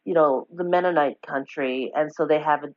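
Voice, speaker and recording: A woman's voice: low-pitched, moderate pace, dry recording. A woman, chatting in a podcast interview in a rambling, self-correcting way. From Newfoundland, Canada. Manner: rambling, self-correcting, warm storytelling with laughs. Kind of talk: casual conversation. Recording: dull, dry lo-fi podcast audio.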